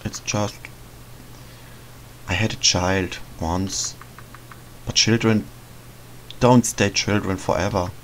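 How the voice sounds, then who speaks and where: A man voicing a lonely, motherly female witch in a game, speaking softly and hesitantly. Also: low voice, steady tone, slow pace, long pauses, a little hiss or hum, rough recording. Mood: tender. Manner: soft, motherly, hesitant, sighing. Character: lonely, gentle female forest witch, middle-aged. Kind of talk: reading game dialogue aloud in a let's play.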